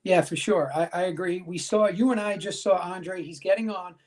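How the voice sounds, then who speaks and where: A man's voice: sits high, moderate pace, a little mellow. A man hosting a talk show in a chatty way, often saying "you know.". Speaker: show host.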